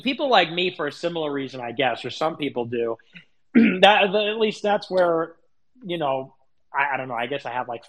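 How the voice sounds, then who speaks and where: A man's voice: a little high, a bit bright, highs cut off. A man talking in a casual podcast chat as an online commentator, rambling and crude, with lots of fillers.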